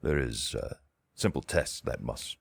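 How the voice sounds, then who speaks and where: A man's voice: very deep voice, animated, measured pace, creaky, husky, no echo, clean studio sound. A man playing his character in a tabletop game, speaking in a formal, old-fashioned way. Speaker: player. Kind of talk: in-character tabletop role-play.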